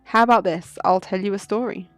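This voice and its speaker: A woman's voice: mid-range voice, fairly even intonation, fairly quick, no echo, natural voice. A woman voicing a suave male fox fugitive who speaks in a poised, riddling storyteller manner. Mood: cryptic.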